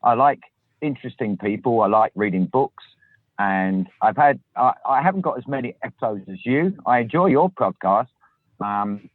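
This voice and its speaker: A man's voice: mid-range voice, expressive, normal speed, no echo. Man on a tinny phone line. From southern England. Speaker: podcast host. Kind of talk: casual chat. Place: in a parked car.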